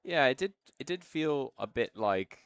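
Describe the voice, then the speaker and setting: A man's voice: medium pitch, sing-song, measured pace, gravelly, a bit bright, smooth, dry recording. A young man commentating a live esports match, chatty and self-deprecating, trailing into fillers as he talks. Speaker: esports caster.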